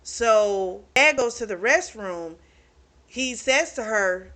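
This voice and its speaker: A woman reviews a book by casually retelling the novel's plot, laughing often and leaning on "you know" and "like." She briefly acts out the characters' lines in quick asides. Her voice sits on the high side, animated and bright with a forceful tone.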